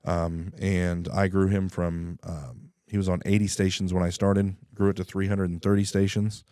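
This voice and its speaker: A man telling his life story in a casual interview, animated, acting out dialogue and often clearing his throat. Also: deep voice, no room sound, clean studio sound. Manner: animated, acts out dialogue with quick voice shifts; frequent throat clearing and restarts.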